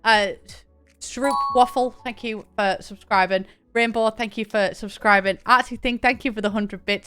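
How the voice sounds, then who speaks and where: A woman's voice: on the high side, fairly even intonation, moderate pace, a bit bright, soft background music. A young woman chatting casually on a live stream, thanking viewers by name and laughing often. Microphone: desk mic, camera on.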